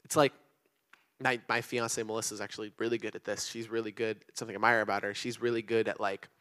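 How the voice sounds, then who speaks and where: A man's voice: fairly low pitch, little pitch movement, fast talker, fairly bright tone. A young man preaching to a youth group in a church room, earnest and conversational, with many fillers. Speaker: youth pastor. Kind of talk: sermon to students.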